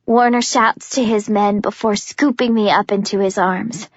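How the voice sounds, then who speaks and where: Slow, high-voiced woman narrating an audiobook. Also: no echo, dull audio. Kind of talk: first-person audiobook narration.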